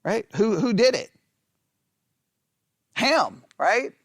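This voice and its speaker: Animated high-voiced male Bible teacher. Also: drawn-out words, husky, no room sound, clean studio sound. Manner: animated, checks in constantly with "right?"; joking, self-mocking sarcasm. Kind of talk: conversational classroom teaching.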